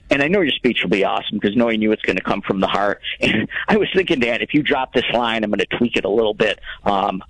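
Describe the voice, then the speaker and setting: Gravelly-voiced male radio caller. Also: fairly low pitch, a bit bright, no echo, rough recording. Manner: friendly, chatty. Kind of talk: call-in chat.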